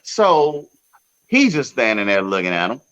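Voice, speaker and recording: A man hosting a podcast, telling a long story in a casual, profane way with sudden loud outbursts. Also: mid-range voice, wildly swooping pitch, measured pace, muffled recording. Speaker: podcast host.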